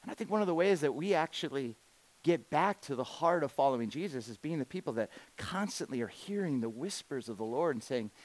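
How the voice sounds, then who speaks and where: A man telling a humorous story in a sermon, animated and quick to restart his sentences. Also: a little high. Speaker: speaker at a church gathering.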